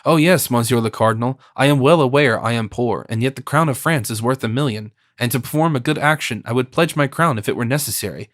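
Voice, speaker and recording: A young king speaks with wounded pride and earnest conviction, as a male narrator voices him. His tone is haughty but pleading, steady at a middle pitch. The recording is close and dry. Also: fast talker, hardly any pauses, dry recording, close to an everyday voice.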